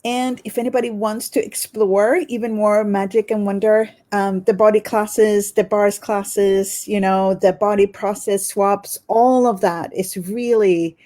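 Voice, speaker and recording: A woman's voice: medium pitch, fairly even intonation, measured pace, hardly any pauses, dark tone. A woman hosting a casual online conversation, thanking her guest and asking open questions. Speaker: host. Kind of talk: casual chat.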